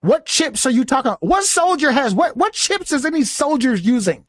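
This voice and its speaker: A man's voice: extremely high pitch, big pitch swings, a little fast, fairly bright tone, no echo, clean studio sound. A man who is a soldier hosts a podcast, giving blunt, profane, indignant commentary. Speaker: podcast host reacting to a clip. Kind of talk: casual commentary rant.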